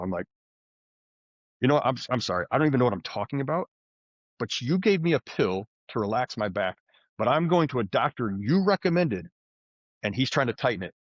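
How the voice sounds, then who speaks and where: Male podcast guest, mid pitch, eager storyteller who keeps restarting sentences, dry close sound, a bit dull. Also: dry recording. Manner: animated, frequent restarts and fillers. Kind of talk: conversational storytelling. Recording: dull, slightly muffled podcast audio.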